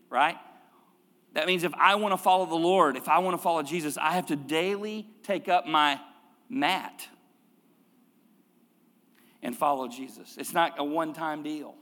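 A man's voice: fairly high pitch, fairly bright tone, in a large hall. A middle-aged male pastor preaching a sermon in a conversational way, with rhetorical questions and repeated phrases. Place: church sanctuary.

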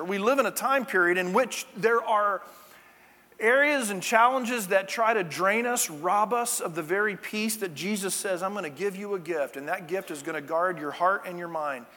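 A man's voice: high-pitched, normal speed, sharp tone. A male pastor giving a conversational sermon, with chatty, jokey asides to the congregation, in a church sanctuary. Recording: long church-hall reverb.

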